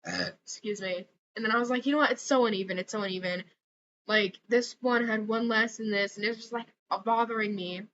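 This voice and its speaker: A young woman vents in a loose, rambling vlog, swearing freely and leaning on "like" between every thought. Her voice is bright and sharp, set a little high. The audio is slightly dull and lo-fi, with a faint hiss underneath. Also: fairly even intonation, brisk. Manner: profane, exasperated, many fillers like "like". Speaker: vlogger. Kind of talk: casual ranting vlog.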